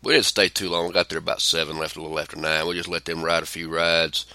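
A middle-aged man with a drawl chats casually on a podcast, his low voice carrying a bright, forceful edge. He is blunt and profane and rambles from story to story. The sound is close and dry. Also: little pitch movement, quick pace, dry recording. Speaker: podcast co-host. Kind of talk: casual chat.

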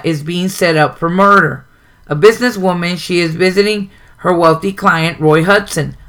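A man reads a writing guide aloud on his own show and stops now and then for a short aside. His voice is bright and a little high. He pauses with an occasional um. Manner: plain reading with occasional ums and asides. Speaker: host reading a writing guide. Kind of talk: reading a book aloud with comments.

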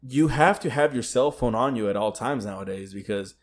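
A man's voice: medium pitch, a little fast. A young man co-hosting a podcast in casual chat, laid-back and swearing, with plenty of fillers. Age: young adult. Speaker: podcast co-host.

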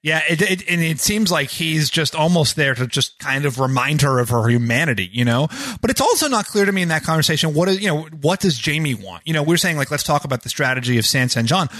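A man's voice: a little high, animated, a little fast, hardly any pauses, a bit bright, dry recording. A man talking as a guest on a casual podcast, rambling and packing his talk with "you know". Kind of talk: casual discussion of a TV episode.

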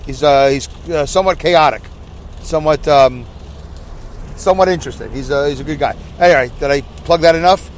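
A man's voice: fairly high pitch, a little fast. A man hosting a podcast, rambling casually with lots of fillers and self-mocking asides, recorded in his car on a rainy drive. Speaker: podcast host. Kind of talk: casual monologue while driving. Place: inside a car on a rainy highway. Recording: recorded in a moving car, faint road noise. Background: rain and road noise.

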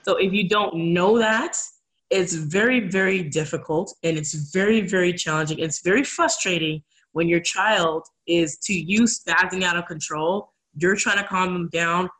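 A woman's voice: lowish voice, normal speed, a bit bright, low-quality recording. A woman guest speaking earnestly in a casual interview, acting out the voices of people she quotes. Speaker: guest, community advocate.

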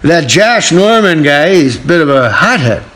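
A man doing an impression of a deadpan comedian, drawling through a rambling sports rant in a raised voice. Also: a little high, normal speed, pitched above the performer's own voice. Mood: mocking rant.

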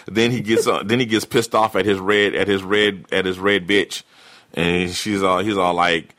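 A man with a lowish voice chats freely on a podcast, swearing easily and mimicking characters. He rambles, restarts and laughs his way through an episode recap. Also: little pitch movement, measured pace, bright, forceful tone. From California. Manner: loose, profane, recaps scenes with playful impressions. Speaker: podcast co-host. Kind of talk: casual chat.

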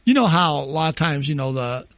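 A man's voice: a little high, brisk, no echo. A middle-aged man co-hosting a casual podcast, telling rambling stories full of fillers. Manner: rambling storyteller, trails off with fillers. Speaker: podcast co-host. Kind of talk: casual chat.

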